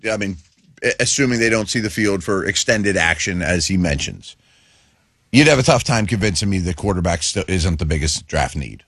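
A man's voice: low voice, normal speed, breathy edge, no echo, studio quality. A man co-hosting a sports talk show, talking casually and emphatically, often acting out what others might say. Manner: animated, emphatic, acts out quotes, says "you know" often. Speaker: sports radio co-host.

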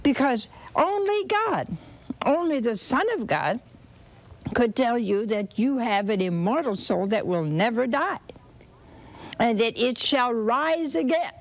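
A woman preaching a sermon, telling a scripture story slowly and expressively with dramatic repetition. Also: a little high, very animated.

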